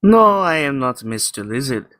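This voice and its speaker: A man playing a posh mallard gentleman. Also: medium pitch, sing-song, moderate pace, no echo. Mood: haughty. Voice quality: posh, affected upper-class voice. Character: posh old-money male mallard gentleman. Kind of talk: improvised comedy role-play.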